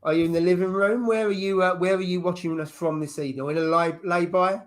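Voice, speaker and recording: A man with a slightly high voice hosts a casual live stream and reads out viewers' names. He greets each one in turn in a friendly, easygoing way. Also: steady tone, fast talker.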